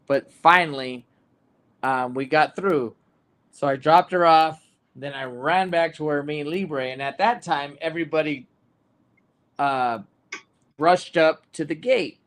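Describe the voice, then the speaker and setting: A man hosting a casual sports podcast, telling a story in an animated way with plenty of fillers. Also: a little high, unhurried. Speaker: podcast host.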